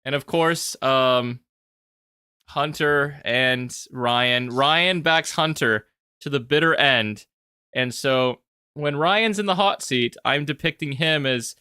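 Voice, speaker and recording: A young man talking casually about his own video as a commentator, animated and rambling, with frequent restarts. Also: mid-range voice, takes it slowly, clear, resonant tone, dry recording, clean studio sound. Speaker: YouTube commentator.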